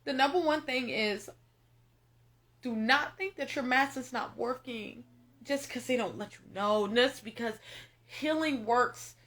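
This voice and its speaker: A woman's voice: on the high side, unhurried, a bit bright. A young woman doing a tarot reading, talking straight to her viewers in an emphatic, repetitive way that is full of swearing. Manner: emphatic, repetitive, profane, addresses viewers directly. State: tearful at moments. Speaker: tarot reader. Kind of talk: casual spiritual reading monologue.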